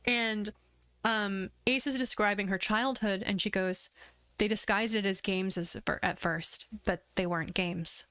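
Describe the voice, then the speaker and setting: A woman's voice: medium pitch, a little slow, clear, resonant tone, dry recording. A woman streaming, chatting casually and retelling scenes with acted-out quotes and lots of fillers. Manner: animated retelling, acts out quoted lines, lots of "like". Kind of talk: casual chat.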